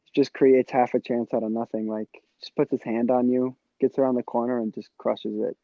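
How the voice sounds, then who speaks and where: A relaxed man in his twenties chats as a podcast guest, full of fillers and quick laughs. His voice sits at an ordinary pitch, and the recording sounds dry and a little muffled, with no room around it. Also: no echo. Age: 20s. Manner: easygoing, laughs often, chatty with many fillers. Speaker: podcast guest, former player. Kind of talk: casual chat. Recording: dry, dull lo-fi podcast audio.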